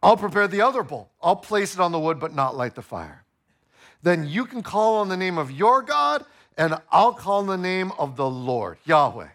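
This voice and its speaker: Man, pastor, sermon, playful, higher voice, bright tone. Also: normal speed. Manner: animated, playful, acts out voices of characters.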